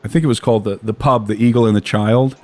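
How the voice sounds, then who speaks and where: A man's voice: fairly low pitch, steady tone, fast, darkish tone. An American man telling a long personal story in casual conversation, with frequent restarts and repeated words. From United States.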